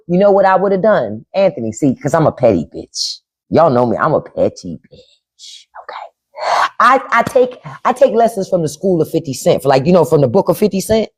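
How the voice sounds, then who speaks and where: Woman blunt, profane live-stream host with lively pitch. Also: fast talker. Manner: blunt, profane, animated, addresses chat by name. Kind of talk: unfiltered live-stream commentary.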